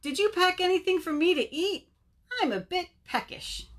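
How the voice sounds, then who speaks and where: A woman voicing a hungry, fussy, demanding little male bird with a shrill, squawking voice in a storybook read-aloud for children. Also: lively intonation, normal speed, a bit bright. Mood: whiny.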